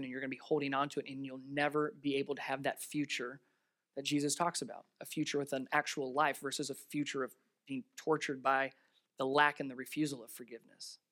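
A pastor delivering a sermon in a mid-range voice. They lean into rhetorical questions and emphatic repetition. They move between raised, stressed lines and low, heartfelt asides. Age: adult with children. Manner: swings between raised emphasis and quiet earnest tones.

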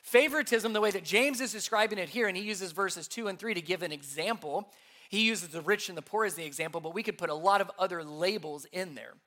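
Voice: medium pitch, fast talker, pushed and bright. A pastor teaching a sermon in an earnest way, repeating key points and asking the audience questions. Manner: asks the audience rhetorical questions.

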